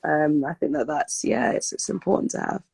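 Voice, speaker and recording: A woman's voice: low-pitched, expressive, moderate pace, vocal fry, darkish tone, husky, dry recording. Upbeat young woman, dry close sound. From United Kingdom. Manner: upbeat, loose, many fillers and repeats. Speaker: interview guest. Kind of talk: casual interview chat.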